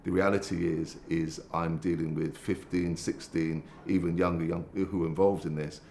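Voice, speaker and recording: Earnest deep-voiced male youth worker. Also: flat delivery, normal speed, gravelly, darkish tone, slight background noise. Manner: earnest, explanatory, some fillers. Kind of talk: documentary interview.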